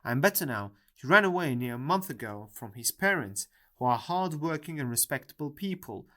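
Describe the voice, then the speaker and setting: A young woman's voice, raised and wailing, begs and insists at full volume, as a man puts her on. The tone sits somewhat higher than a plain male reading voice. It belongs to a classic storybook read aloud. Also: lively intonation, normal speed. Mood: pleading. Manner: loud, pleading, wailing. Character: distraught young woman feigning sisterly grief. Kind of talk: audiobook character reading.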